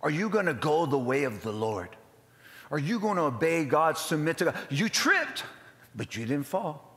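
A male pastor giving an animated, dramatic storytelling sermon and calling out to the congregation. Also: fairly high pitch, moderate pace. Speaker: lead pastor. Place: church sanctuary. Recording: long hall reverb.

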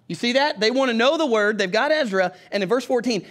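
A middle-aged pastor with a Southern country accent, preaching a folksy sermon and calling on the congregation to read along with him. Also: male voice, very high voice, expressive, a little fast, few pauses, a bit bright.

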